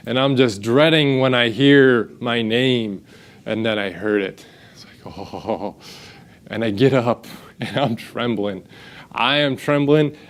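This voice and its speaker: A man, preaching a sermon and telling a self-deprecating story that he acts out in quotes. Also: medium pitch. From United States. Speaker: pastor. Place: church sanctuary.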